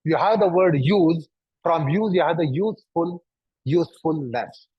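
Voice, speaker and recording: Guiding his students through yoga poses, this man speaks at a measured pace in a husky, fairly high voice with lively intonation. He repeatedly presses them with probing rhetorical questions. The lo-fi recording is dull and has no echo.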